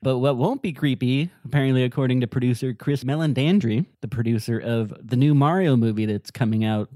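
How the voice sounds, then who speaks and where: A man's voice: mid-range voice, brisk, mellow, no echo, clean studio sound. A man hosting a podcast, casually and playfully sharing entertainment news tidbits. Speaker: podcast host. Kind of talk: casual chat.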